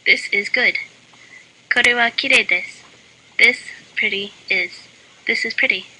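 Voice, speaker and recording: A woman delivers a parody language lesson with a flat, deadpan read and dry asides. A loud, steady hiss runs under her voice the whole time. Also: a little high, fairly quick. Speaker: lesson narrator. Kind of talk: mock language lesson reading with joke asides. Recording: loud constant background hiss.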